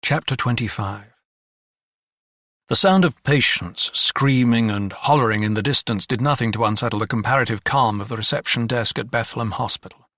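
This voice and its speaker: Guy reading an audiobook, bright crisp voice, dry close sound. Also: medium pitch, moderate pace, no echo. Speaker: audiobook narrator. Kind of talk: scripted narration.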